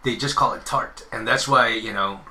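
A man co-hosting a podcast, making quick wry comments. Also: mid-range voice, sharp tone. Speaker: podcast co-host. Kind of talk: casual podcast chat.

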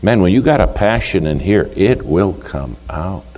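A man preaching a sermon, telling a story in an animated, conversational way with emphasis. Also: deep voice, normal speed.

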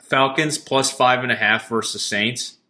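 A man's voice: medium pitch, steady tone, measured pace, pushed and bright. A man co-hosting a casual sports betting podcast, joking around and swearing as he gives his picks. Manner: jokey and profane, goofing around. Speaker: podcast co-host.

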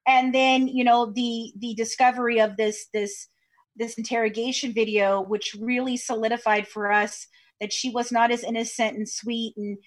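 A woman with a somewhat high voice tells a long story over a video call. She is chatty and fills her talk with ums and you-knows. She comes from Kentucky. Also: flat delivery, moderate pace. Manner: chatty storyteller with many fillers. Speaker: podcast guest. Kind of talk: casual interview chat over video call.

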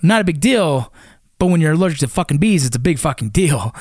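A man's voice: fairly high pitch, animated, fairly quick, darkish tone, dry recording, clean studio sound. Profane ex-Ranger man telling war stories. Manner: profane, rambling, frequent restarts. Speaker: former Army Ranger guest. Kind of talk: casual war storytelling.

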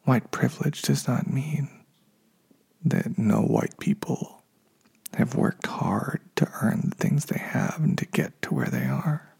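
A man speaks alone on his podcast in a hushed, husky, deep-toned voice with a strong gravelly fry. He talks loosely and unscripted, often correcting himself along the way. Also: wildly swooping pitch, slow pace, in a whisper. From United States. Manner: unscripted, self-correcting, slightly frustrated. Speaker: podcast host. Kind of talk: solo podcast monologue.

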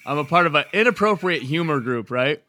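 Rambling, profane podcast co-host. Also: male voice, fairly high pitch, lively intonation, bright, forceful tone. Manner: rambling, profane, halting restarts. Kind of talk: crude casual podcast banter.

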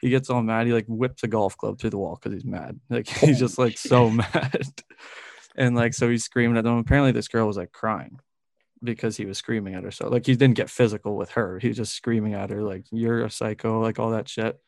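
A man's voice: lowish voice, fairly even intonation, brisk, vocal fry, a little mellow, no echo. Young man, twenties, rambling storyteller, dry close sound, laughs a lot. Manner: rambling, fills speech with "like", laughs often. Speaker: podcast co-host telling a story. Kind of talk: casual storytelling chat.

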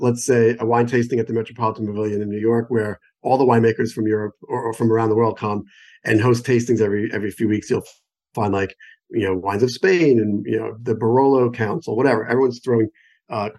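An American wine expert joins a phone call as a guest, explaining things enthusiastically and digressively with plenty of examples in a conversational interview. His medium-pitched voice is fairly even in intonation, brisk, and darkish in tone.

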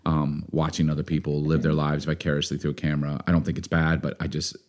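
A man co-hosting a podcast, chatting in a relaxed, rambling, joking way. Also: very deep voice, quick pace. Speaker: podcast co-host. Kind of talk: casual podcast chat.

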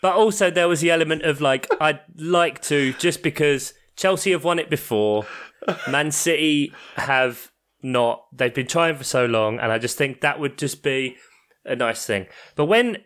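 A man co-hosting a casual podcast chat, teasing and quick to laugh, swearing casually. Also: on the high side, a bit bright. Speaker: podcast co-host.

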